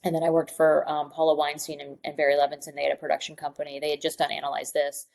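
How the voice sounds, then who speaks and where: Woman screenwriter, from Michigan, quick chatty storytelling, low voice. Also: monotone, creaky, darkish tone, low-quality recording. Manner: chatty storyteller who acts out quoted voices. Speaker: screenwriter guest. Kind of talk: casual podcast interview.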